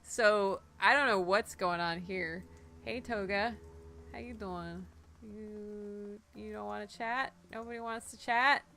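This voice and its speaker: A woman's voice: medium pitch, slow pace, creaky, bright, forceful tone, a little hiss or hum. A woman from Ireland playing a video game, chatting and joking as she goes. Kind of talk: casual let's-play commentary.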